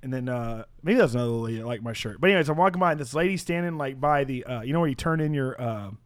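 A man's voice: mid-range voice, fast talker, dry recording. A man co-hosting a podcast, telling a story in casual chat, laughing often and acting out the voices of the people in it. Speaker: podcast co-host.

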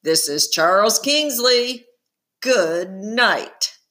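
A woman voicing a male television quiz show host who announces in a grand, drawn-out style with dramatic pauses. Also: mid-range voice, expressive, bright, forceful tone, pitched above the performer's own voice, exaggerated voice. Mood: announcing.

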